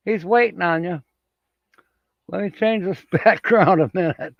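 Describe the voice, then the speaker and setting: A man's voice: high-pitched, measured pace, vocal fry, pauses often, no echo, highs cut off. A man hosting a casual livestream, reading out viewer comments and chuckling often as he rambles along. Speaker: livestream host. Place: home studio with green screen.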